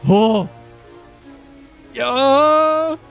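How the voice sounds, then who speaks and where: A man's voice: extremely high pitch, drawn-out words, vocal fry, a bit bright, faint music behind. A man streaming a game, reacting casually, joking, laughing and swearing.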